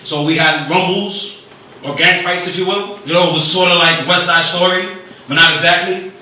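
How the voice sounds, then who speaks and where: A man's voice: high-pitched, steady tone, moderate pace, bright, forceful tone, slight background noise. A man in his forties from New York, doing loose, profane stand-up with asides to the crowd in a comedy club. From New York City, Dominican family. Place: comedy club stage, indoors. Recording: echoey club, mic from a distance.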